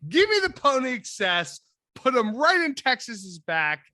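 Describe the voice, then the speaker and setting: Male podcast co-host, bright and punchy, excitable, swears and laughs, dry close sound. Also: extremely high pitch, a little slow, dry recording. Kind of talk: casual chat. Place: recorded drinking whiskey with co-host.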